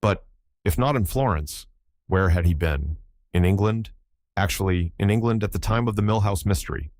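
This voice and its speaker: A man narrating a novel in the first person, in a measured storytelling manner. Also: lowish voice, darkish tone, dry recording, clean studio sound. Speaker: audiobook narrator.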